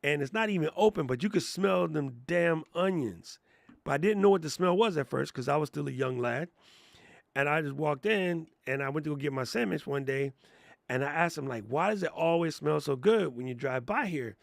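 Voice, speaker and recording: Slangy, laughing man with a gravelly voice. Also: fairly high pitch, fairly quick, no echo, studio quality. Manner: slangy, animated storyteller who laughs often. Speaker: host and content coach. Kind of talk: casual livestream teaching chat.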